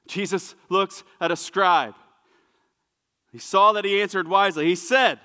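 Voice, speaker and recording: Bright high-voiced pastor preaching. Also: male voice, unhurried, big-room sound. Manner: emphatic, repetitive preaching that drops to hushed asides. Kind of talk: sermon. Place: church sanctuary.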